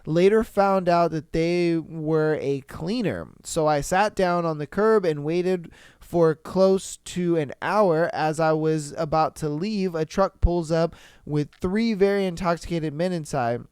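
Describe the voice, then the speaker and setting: A man hosting a podcast, reading listener stories aloud and reacting with animated, profane disbelief. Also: on the high side, measured pace, smooth, no echo, clean studio sound. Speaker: podcast host. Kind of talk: casual commentary reading stories.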